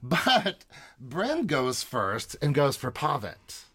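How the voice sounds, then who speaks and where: Chatty male podcast co-host, animated, middle-pitched voice that swings widely. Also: slow, husky. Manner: chatty, animated, laughs often. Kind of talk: casual chat recapping reality TV.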